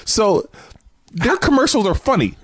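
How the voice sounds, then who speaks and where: Animated joking man in his thirties. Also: high voice, a little slow, slightly rough, no room sound. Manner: animated, joking, trash-talking. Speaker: podcast co-host. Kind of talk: casual food review chat.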